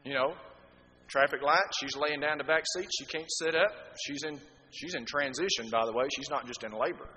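A middle-aged male preacher with a bright, forceful voice that rings out with long reverb in a church hall. He delivers his sermon emphatically, dropping low and soft one moment and pushing loud the next. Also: fairly quick. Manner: emphatic, swings from quiet to loud.

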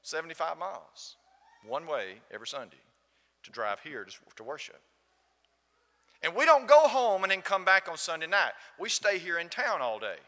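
A man's voice: a little high, very animated, normal speed, pushed and bright. A man voicing a boastful, insistent male churchgoer from a small northern congregation. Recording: long hall reverb.

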